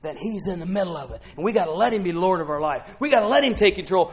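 A middle-aged male pastor preaching a sermon, swinging from quiet asides to shouted exclamations. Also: high-pitched, animated, quick pace.

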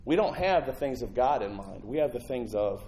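A male pastor preaching a sermon in an animated, conversational way, swinging from loud to hushed. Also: mid-range voice, moderate pace, a little hiss or hum, poor audio.

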